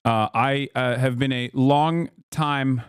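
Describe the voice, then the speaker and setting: A man hosts a live stream in a loose, rambling way, full of "uh"s and restarts. His voice is smooth and resonant at a middle pitch. It is recorded dry and close, with no room sound. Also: steady tone, slow, no room sound. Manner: rambling, many fillers and restarts. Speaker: streamer host. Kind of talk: casual live-stream interview.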